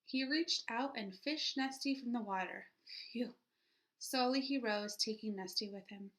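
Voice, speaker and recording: A woman teacher reading a children's picture book aloud with expression, pausing to ask her listeners questions. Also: a little high, a bit bright.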